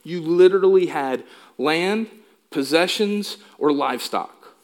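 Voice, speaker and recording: Guy preaching, kinda high voice, leans hard on his points and asks the crowd stuff. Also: animated, slow pace. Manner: emphatic, asks the room questions. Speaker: pastor. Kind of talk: sermon.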